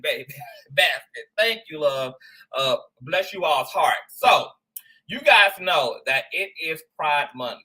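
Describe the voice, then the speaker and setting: Male livestream host; bright, forceful, high voice, chatty and playful. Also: poor audio. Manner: animated, shouting out viewers, slang-heavy. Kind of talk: casual livestream chat.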